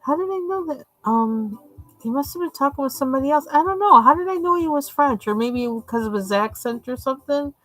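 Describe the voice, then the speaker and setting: A woman's voice: sits high, animated, brisk, fairly bright tone, dry recording, rough recording. Woman from the US, live-stream host telling a story. Chatty, laughs a lot, plays out what people said. Dry, close mic. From United States. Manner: chatty, laughs often, acts out quoted lines. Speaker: streamer hosting a coloring stream. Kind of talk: casual storytelling chat.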